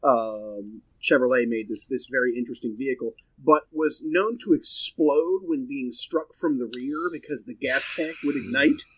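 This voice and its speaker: Man explaining at a middle pitch. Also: moderate pace, hardly any pauses, husky, no echo, low-quality recording. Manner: explanatory, fillers, laughs into his lines. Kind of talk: casual chat.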